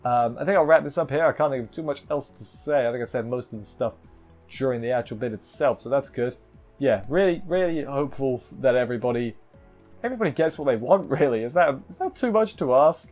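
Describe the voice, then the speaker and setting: A man's voice: medium pitch, expressive, a little mellow. Man, chatty anime review, stumbling restarts, slightly muffled audio, faint background music. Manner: chatty, rambling with many restarts and fillers; acts out characters' lines in quick asides. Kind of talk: casual spoken review.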